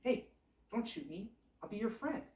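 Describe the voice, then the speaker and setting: A woman's voice: a little high, expressive, normal speed, dark tone, voice pushed up, close to an everyday voice. A woman voicing a friendly male talking bear. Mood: pleading. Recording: roomy, distant mic.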